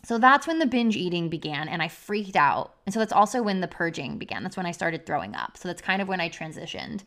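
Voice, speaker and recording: A young adult woman speaks candidly on a podcast, sharing her own story in a confessional way. Her voice sits a touch low for a woman, and "like" runs through nearly every sentence. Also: very animated, fairly quick, fairly bright tone. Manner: confessional, heavy use of "like" as filler.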